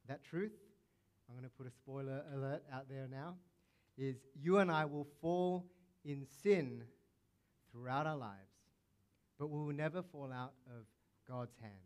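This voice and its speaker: A man's voice: medium pitch, measured pace, long pauses, clear, resonant tone. A male pastor preaching a sermon in a conversational, playful way, acting out quotes now and then.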